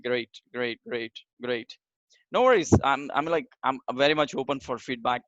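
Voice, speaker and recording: An energetic man runs a live online communication class, speaking straight to his learners and repeating key phrases for emphasis. His voice sits at a middle pitch and sounds close and dry, with no room echo. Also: moderate pace, lo-fi sound. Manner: energetic, motivational, talks straight to the audience. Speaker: communication trainer.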